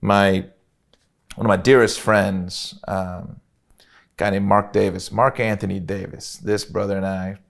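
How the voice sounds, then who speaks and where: A middle-aged man telling a personal story in an interview, earnest and reflective, with frequent pauses and restarts. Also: fairly low pitch, little pitch movement, creaky. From Chicago, USA.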